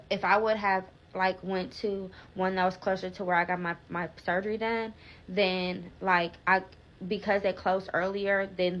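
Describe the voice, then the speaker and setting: A woman's voice: mid-range voice, lo-fi sound. A young woman telling a rambling storytime, filler-heavy and swearing freely, with frequent restarts. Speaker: vlogger. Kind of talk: casual storytime vlog.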